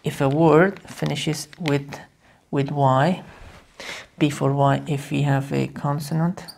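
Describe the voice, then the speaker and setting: A woman with a notably low voice teaches grammar rules in a video lesson. She drills each point by repeating words several times and restarts her sentences as she goes. A faint noise sits under her voice. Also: fairly even intonation, creaky, a little mellow. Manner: repeats key words over and over, drilling step by step; halting, with restarts and fillers while explaining. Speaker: English teacher.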